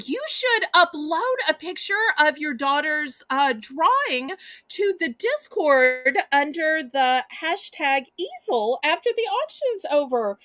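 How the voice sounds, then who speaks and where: A woman's voice: high voice, big pitch swings, slow pace, sharp tone, dry recording. A woman with a Southern US accent hosting a live home-shopping auction, chatty and sweet, calling the viewers y'all.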